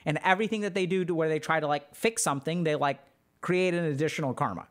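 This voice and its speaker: Livestream host, man, casual and slangy, voice sits a bit high. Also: fast. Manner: relaxed, filler-heavy, explains with slang. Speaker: livestream host answering chat. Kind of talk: casual teaching chat.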